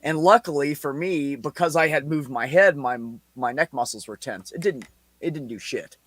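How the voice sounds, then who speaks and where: A man's voice: fairly high pitch, normal speed, dry recording. A man in his forties, a podcast host telling a story in casual, heavily profane chat. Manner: profane, animated anecdote with laughs.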